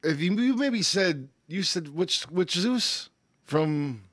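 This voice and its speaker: A man's voice: high voice, expressive, slow, no room sound. A man co-hosting a casual podcast with the hiccups, blunt and profane. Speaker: podcast co-host. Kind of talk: casual chat.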